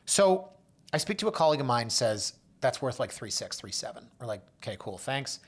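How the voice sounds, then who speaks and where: Brisk and slightly rough, the Canadian man swings widely in pitch as he hosts his real estate show, telling client stories in a relaxed monologue and performing the voices of people he quotes.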